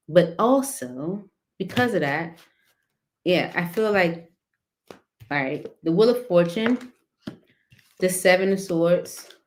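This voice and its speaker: Low-voiced woman giving a casual tarot reading. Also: a little hiss or hum. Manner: rambling, filler-heavy, laughs between cards. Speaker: tarot reader.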